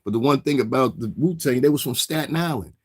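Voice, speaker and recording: A man's voice: mid-range voice, quick pace, darkish tone, slightly rough, dry recording, clean studio sound. A man, hosting a casual stream and rambling through street-slang commentary while answering viewers in chat. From New York City area. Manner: rambling, streetwise slang, keeps asking "you understand what I'm saying". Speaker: livestream host.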